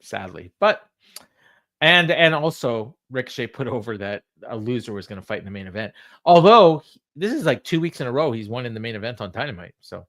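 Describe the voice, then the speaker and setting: A man's voice: mid-range voice, big pitch swings, a little fast, a bit bright. A man co-hosting a podcast, casually recapping a wrestling show, quoting the wrestlers and laughing often. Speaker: podcast co-host.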